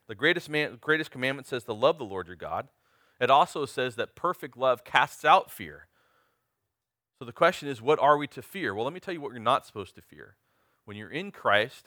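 Earnest, bright-voiced man in his forties preaching. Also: mid-range voice, no echo, clean studio sound. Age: 40s. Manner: earnest, emphatic, asks the listeners direct questions. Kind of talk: sermon.

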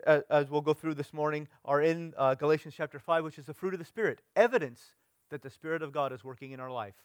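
A man's voice: a little high, dry recording. Conversational male pastor with a dry sound. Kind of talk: sermon.

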